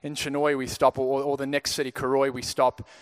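Young man, pastor from Zimbabwe, sermon storytelling, conversational, stammering restarts, mid-pitched voice. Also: level tone, a little fast, smooth.

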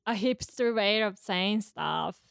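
Woman, podcast co-host; clear resonant tone, halting and thoughtful, dry close sound. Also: medium pitch, fairly bright tone, no echo. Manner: thoughtful, halting explanations with many fillers. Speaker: co-host explaining Japanese pitch accent. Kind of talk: casual podcast chat.

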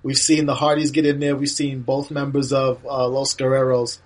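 A man's voice: mid-range voice, level tone, normal speed. A man co-hosting a podcast, chatting easily and agreeably while watching an old wrestling match, laughing often. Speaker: podcast co-host.

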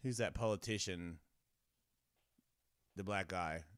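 A man with an Australian accent hosting a loose, casual show. He laughs often and swears freely. His voice sounds bright, and the recording is close and dry. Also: low-pitched, takes it slowly, no echo. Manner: laughing, crude, swearing a lot. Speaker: host. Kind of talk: casual live show chat.

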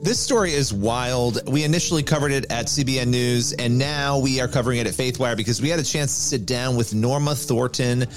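A man who reports news, co-hosting a podcast and explaining a story in a steady, conversational way. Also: medium pitch, fairly quick, few pauses, over music. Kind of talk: casual news chat.

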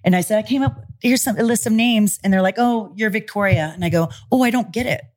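A California woman in her forties, a former pro wrestler, is an interview guest in a Los Angeles studio. Her mid-range voice moves quickly as she tells stories casually and animatedly, acting out the voices of people she quotes.

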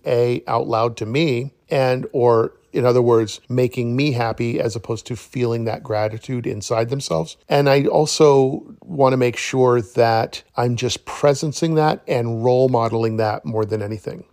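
A middle-aged man speaks in a loose, rambling storytelling way and slips in quick chuckles as he acts out what people said. His voice sits at an ordinary middle pitch. The recording is close and dry, with no room echo. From East Coast of North America. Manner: relaxed, rambling, retells dialogue with chuckles. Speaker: forest educator, podcast host. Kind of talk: casual storytelling monologue.

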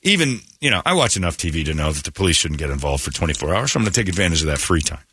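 A man hosting a morning radio show, telling stories in animated casual banter. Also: deep voice, racing, background noise. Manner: animated storytelling with quoted voices.

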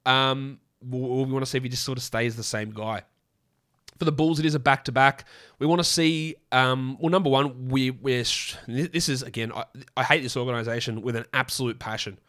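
Hoarse guy doing a solo sports podcast, mid-pitched voice, rambly and opinionated, keeps fixing his words. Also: fairly even intonation, moderate pace, fairly bright tone. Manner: opinionated, rambling, frequent self-corrections. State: hoarse from a lost voice. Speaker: fantasy basketball podcast host.

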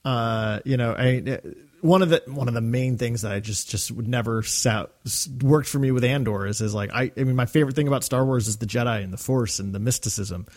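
A man co-hosts a casual fan podcast, discussing things enthusiastically with plenty of fillers and restarts. He has a mid-range, darkish voice and talks fairly quickly with few pauses.

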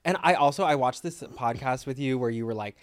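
A young man hosting a casual podcast chat, animated and quick to laugh, with loud swings in his voice. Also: mid-range voice, dry recording, studio quality. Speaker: podcast host. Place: campsite set.

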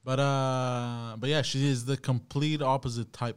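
A man speaks in a hesitant, mumbling way in a casual podcast chat. His voice has a middle pitch for a man. He falls back on fillers and the word bro. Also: flat delivery, a little slow, clear, resonant tone. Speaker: podcast co-host.

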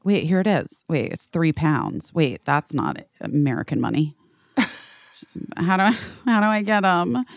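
A woman's voice: low voice, big pitch swings, unhurried, gravelly, no echo, studio quality. A woman chatting casually over a video call, rambling and swearing freely. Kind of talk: casual chat.

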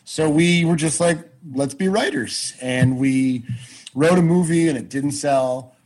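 A man with a slightly husky voice tells a long personal story as a podcast guest. He talks in an animated, loose way, swears freely and restarts his sentences often. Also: on the high side, measured pace, low-quality recording. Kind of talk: casual storytelling chat.

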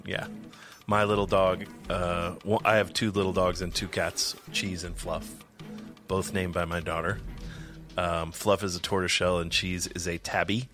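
A middle-aged man, a podcast co-host, chatting casually and telling animated stories, acting out his pets' voices. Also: sits low, normal speed, music in the background. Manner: animated storyteller who acts out pets' voices. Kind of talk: casual chat.

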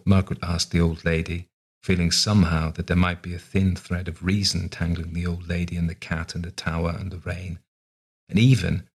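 A man reads a short story aloud in a measured, even storytelling voice. His voice sits very low and has a husky, breathy edge. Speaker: narrator. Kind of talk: scripted narration of a short story.

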